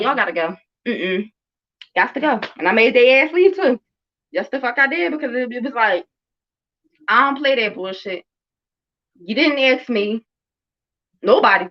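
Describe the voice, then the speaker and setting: In a muffled lo-fi recording, a mother of about thirty who hosts a podcast shares a parenting story during a casual chat. Her voice sits slightly high, and she speaks bluntly and emphatically with plenty of swearing and repetition.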